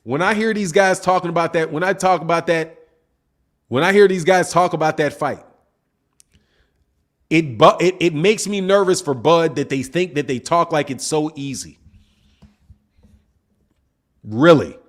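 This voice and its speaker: Guy with a slightly high voice running a boxing live stream, laid-back and slangy, keeps saying man and dog. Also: a little slow, pauses often. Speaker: boxing channel host. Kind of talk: casual livestream commentary, reading chat.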